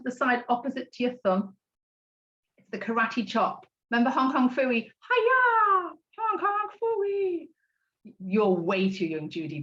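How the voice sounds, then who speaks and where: A woman coaching a group through tapping points on a video call, gentle and encouraging as she walks through each step. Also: medium pitch, dull audio. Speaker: self-love coach leading a tapping class.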